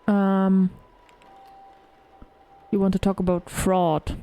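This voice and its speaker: A woman's voice: mid-range voice, flat delivery, takes it slowly, mellow. A woman reading a mystery game's text aloud in a casual way, often stumbling over words and starting them again. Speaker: game streamer.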